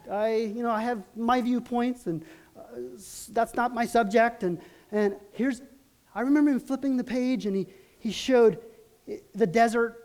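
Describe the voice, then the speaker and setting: A man's voice: very high-pitched, darkish tone. Earnest middle-aged male pastor preaching. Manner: earnest, halting storytelling with many restarts. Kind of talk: sermon.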